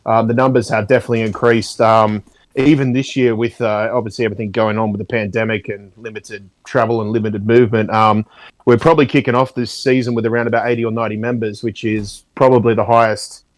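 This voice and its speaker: A man's voice: lowish voice, level tone, fast, dry recording. Upbeat Australian man calling in. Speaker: caller. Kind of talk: casual phone-in chat.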